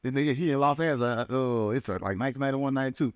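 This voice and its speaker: A man's voice: mid-range voice, smooth, no echo, clean studio sound. A man, co-hosting a podcast and telling rambling, profane stories with many halts. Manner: rambling storyteller, profane and halting. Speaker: podcast co-host. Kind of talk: casual podcast chat.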